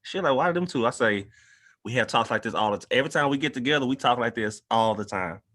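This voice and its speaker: A man's voice: mid-range voice, fast, a bit bright. A man guest-hosting a podcast, talking in an earnest, loose and conversational way. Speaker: guest host. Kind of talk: casual podcast discussion.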